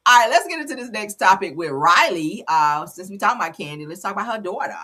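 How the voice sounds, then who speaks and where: Woman host, bright lively voice, blunt playful gossip chat. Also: medium pitch, moderate pace. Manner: animated, laughing, blunt and playful. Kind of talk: casual commentary on celebrity gossip.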